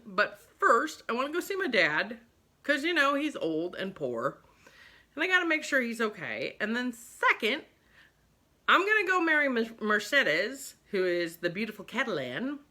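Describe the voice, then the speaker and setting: A woman's voice: a little high, bright, forceful tone, exaggerated voice. A woman voicing a cheerful, earnest young male sailor while retelling a novel.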